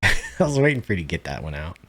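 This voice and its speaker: A man's voice: deep voice, sing-song, fast talker, breathy edge. A man co-hosting a podcast in casual chat, laughing often and poking fun at himself. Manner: self-deprecating, laughs often. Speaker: podcast co-host.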